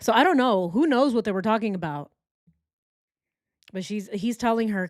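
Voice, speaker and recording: A woman's voice: medium pitch, lively intonation, normal speed, a little mellow, no room sound, studio quality. A woman hosting a true crime commentary, sarcastic and exasperated as she goes through evidence. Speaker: true crime channel host.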